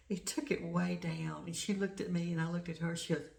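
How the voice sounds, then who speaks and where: A middle-aged woman from the United States, hosting a crafting vlog and chatting excitedly about her shopping. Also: fairly low pitch, moderate pace, gravelly. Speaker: flosstube host. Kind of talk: casual crafting vlog chat. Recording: echoey room.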